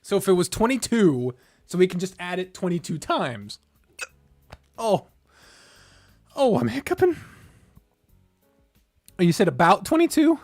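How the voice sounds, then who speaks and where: A woman streamer chatting on a live broadcast, giddy and swearing, breaking into laughter and tripping over her own arithmetic. Her pitch swings widely, her talk runs slow and unhurried, and the sound is close and dry with faint music underneath. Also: very animated, darkish tone, breathy edge, dry recording. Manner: giddy, laughing often, swearing, stumbling over counting and math. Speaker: streamer and game master. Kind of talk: casual livestream chat.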